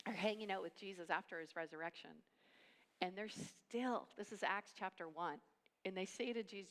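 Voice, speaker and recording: Animated woman preaching a sermon. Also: fairly high pitch, in a large hall. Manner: animated, conversational, acts out quotes with hushed asides. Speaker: speaker at family camp.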